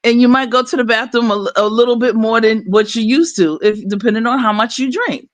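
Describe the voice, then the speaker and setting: A man's voice: extremely high pitch, brisk, dry recording. An easygoing man joining a live stream who explains things at length. His voice sounds close and dry, with no room sound. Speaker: stream guest. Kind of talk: casual chat on a live stream.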